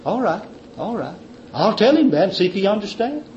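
A man's voice: high voice, big pitch swings, a little fast, darkish tone, echoey room, a little hiss or hum. A man voicing an agreeable male servant who passes on messages. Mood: mild. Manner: accommodating, mild. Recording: dull lo-fi recording.

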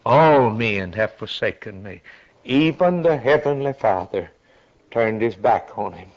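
A man preaching at an unhurried, deliberate pace. His delivery is dramatic, rising to loud, high-pitched cries. The recording is dull and lo-fi. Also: animated. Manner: slow, dramatic preaching that climbs to high shouted peaks. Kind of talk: sermon.

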